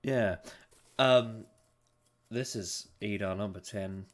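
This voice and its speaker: A man's voice: lowish voice, slow. Giggly, stumbling male podcast host. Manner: laughs often, trips over words. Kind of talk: casual podcast chat.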